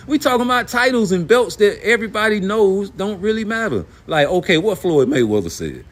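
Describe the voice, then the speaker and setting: A man's voice: high voice, moderate pace. A middle-aged man, hosting a blunt, profane, heated rant about boxing. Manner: blunt, profane, animated, rhetorical questions. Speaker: boxing commentary host.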